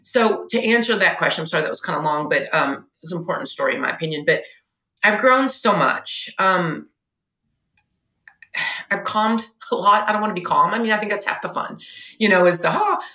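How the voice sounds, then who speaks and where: A woman in her forties telling a painful family story on a podcast, animated and at times tearful. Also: lowish voice, a little fast. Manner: animated, tearful retelling, quotes others in her own voice. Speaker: podcast guest. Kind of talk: emotional personal storytelling. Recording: echoey room.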